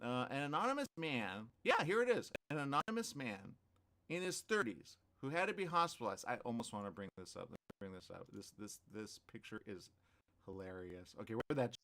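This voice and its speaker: A man's voice: medium pitch, a little fast. A man hosting a radio morning show, reading news stories aloud with joking commentary and frequent laughter. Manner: animated, laughing, repeats phrases.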